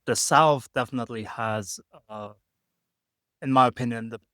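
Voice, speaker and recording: A man's voice: mid-range voice, normal speed, pushed and bright, no room sound, studio quality. A man from Germany, hosting a podcast in an easygoing chat, often searching for words. Recorded at a backpackers hostel. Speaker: podcast host. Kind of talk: casual conversation.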